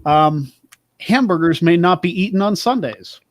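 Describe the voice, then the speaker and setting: A man's voice: high voice, animated, normal speed. A man hosting a casual talk show, reading out odd laws and joking about them. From Pennsylvania. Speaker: podcast host. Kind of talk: casual chat.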